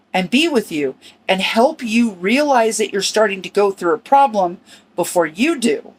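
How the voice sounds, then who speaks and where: A middle-aged woman hosting a personal podcast, speaking earnestly and reflectively in short, halting phrases. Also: medium pitch. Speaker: podcast host.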